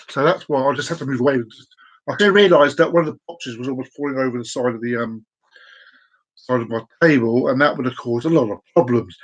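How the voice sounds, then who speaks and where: At his desk at home, a man in his forties rambles through a casual live stream in a slightly high voice. Playful and chaotic, he echoes and draws out his own phrases, now and then erupting into excited whoops.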